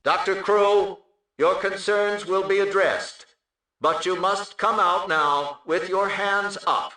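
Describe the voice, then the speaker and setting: An actor voicing a stern male police negotiator booming commands over a loudspeaker. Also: slow, heavy reverb, full character voice. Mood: commanding. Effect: amplified loudspeaker.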